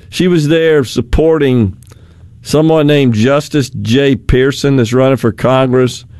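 A male radio talk show host on a studio microphone, chatting in an animated, sarcastic way and laughing often. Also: on the high side, no echo.

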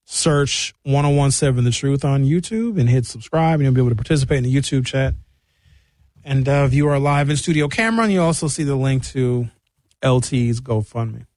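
A man hosting a talk radio show, delivering an animated comic rant from a studio. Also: brisk, dry recording. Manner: animated rant, mimics callers in higher voices.

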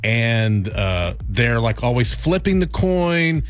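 A man's voice: medium pitch, very animated, slow, no room sound. Rambling radio co-host man telling stories. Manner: rambling storyteller with many fillers. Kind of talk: casual morning-show banter.

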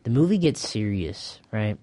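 A man co-hosting a casual movie breakdown, talking in a relaxed, rambling way with quick laughs. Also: fairly low pitch, slight background noise. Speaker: video co-host.

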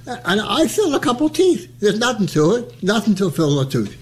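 An older man, telling old wartime stories in an oral history interview, animated and acting out the voices. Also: sits high, moderate pace, few pauses. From New Jersey, USA. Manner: animated, acts out voices in his anecdotes, chuckles often. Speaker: veteran recounting his life.

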